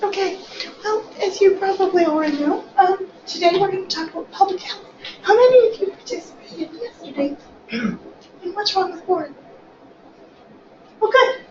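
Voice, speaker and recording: A hoarse older woman with a very high voice leads a small classroom group, chatty and self-deprecating as she asks questions. Her voice bounces around an echoey room. The recording is dull and lo-fi, with a clear hiss of noise behind it. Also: normal speed, pauses often, distant mic. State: hoarse from coughing. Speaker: small-group facilitator, department chair.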